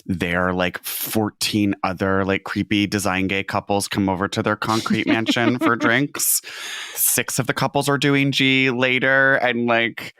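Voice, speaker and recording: A man's voice: on the low side, fairly even intonation, a little slow, pushed and bright, clean tone, no room sound, clean studio sound. A man in his thirties co-hosting a comedy podcast, riffing playfully with lots of fillers. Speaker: podcast co-host. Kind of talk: casual comedic chat.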